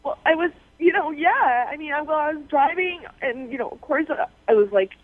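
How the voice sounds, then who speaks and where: A tearful woman calling in to a radio show, talking in a halting, rambling way with many restarts and fillers. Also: sits high, animated, no echo. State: tearful, on the verge of crying. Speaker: radio caller. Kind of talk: emotional phone call to a radio show. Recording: tinny phone line.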